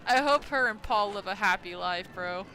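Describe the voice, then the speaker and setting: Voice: mid-range voice, sharp tone, a little hiss or hum. A game streamer giving casual let's-play commentary, outspoken and swearing freely.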